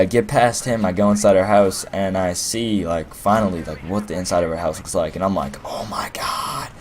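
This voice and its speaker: A man's voice: sits low, a little hiss or hum. A young man telling a rambling, playful story as casual gameplay commentary, full of fillers. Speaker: gaming commentator.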